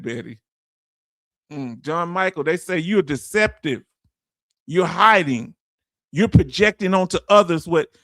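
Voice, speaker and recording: A man hosting a casual livestream, reading chat messages aloud with animated, laughing energy. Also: on the high side, no echo, studio quality. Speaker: livestream host.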